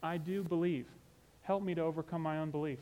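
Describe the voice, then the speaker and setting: Male preacher, slightly high voice, chatty and sincere sermon delivery. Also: fairly even intonation, brisk, mellow, long reverb tail. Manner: conversational and earnest, with asides like "you know".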